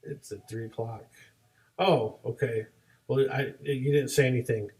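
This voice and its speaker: A young martial arts instructor co-hosting a podcast chats casually, animatedly telling classroom stories and acting out both sides of each exchange. His medium-pitched voice is a little slow, recorded far from the mic in low quality.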